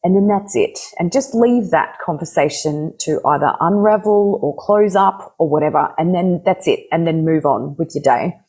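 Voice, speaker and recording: A woman relationship coach talking in a podcast conversation, animated, laughing often and acting out quoted dialogue. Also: lowish voice, normal speed, few pauses, slightly rough, low-quality recording.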